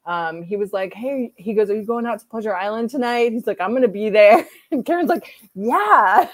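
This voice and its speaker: A woman's voice: fairly high pitch, animated, moderate pace, dry recording. A middle-aged woman telling a rambling story in casual chat, laughing often as she goes.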